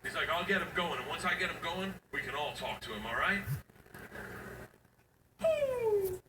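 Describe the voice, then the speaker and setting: A man in his forties doing stand-up comedy, his voice pitched high and swinging widely as he acts out characters and hoots like an owl. He is picked up from a distance in an echoey venue, with clear crowd noise behind him. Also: animated, quick pace. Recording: echoey room recorded from far off, audience noise.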